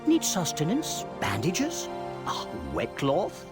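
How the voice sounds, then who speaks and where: An actor voicing a soft, hesitant, polite merchant in a video game voice line, offering wares. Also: medium pitch, huge pitch swings, slow pace. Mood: meek offering. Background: game music.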